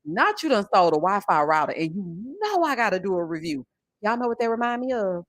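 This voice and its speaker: A woman in her forties chatting on a livestream, telling an animated, expressive story and thanking viewers. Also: mid-range voice, fairly quick. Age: 40s. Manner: animated, expressive storytelling with chat shout-outs. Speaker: livestream host. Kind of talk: casual livestream chat and story time.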